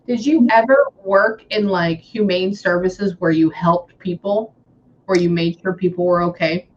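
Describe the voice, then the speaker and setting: A young American woman working as a psychic medium, chatting casually and often pausing with "hang on" while she relays messages. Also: lowish voice, a little mellow, dull audio, a little hiss or hum. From United States. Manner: chatty, keeps saying "hang on" and relaying what she hears. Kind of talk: casual reading session.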